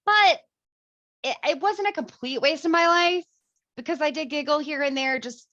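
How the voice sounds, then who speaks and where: A woman co-hosting a casual movie review chat, animated and laughing, swearing freely. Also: high voice, moderate pace, no room sound, dull audio.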